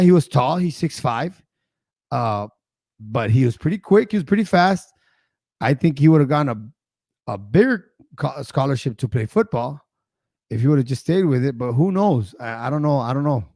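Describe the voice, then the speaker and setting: A man's voice: a little high, a little mellow, no echo, studio quality. A man hosting a casual live show, telling stories in a chatty, rambling way. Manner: chatty storyteller, laughs often; rambling with filler asides. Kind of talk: casual livestream chat.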